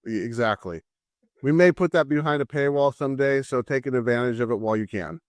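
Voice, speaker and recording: An easygoing man co-hosts a casual movie-review chat from home, thinking aloud and doubling back on his words. His voice sits at a middle pitch and sounds dry and close to the mic. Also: brisk, no echo. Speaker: podcast co-host.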